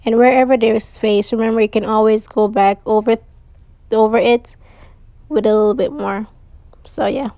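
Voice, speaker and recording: A woman's voice: on the high side, steady tone, moderate pace, pauses often, dark tone, dry recording. A woman hosting a DIY craft tutorial, chatting casually and saying she is losing her voice. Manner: chatty, uses "like" and "so yeah". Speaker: DIY crafts channel host.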